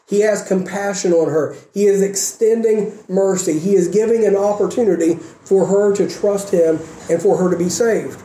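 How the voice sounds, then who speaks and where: High-voiced man preaching in an echoey room. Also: normal speed, hardly any pauses, mellow. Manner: earnest preaching with repeated phrases. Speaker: pastor. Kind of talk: sermon.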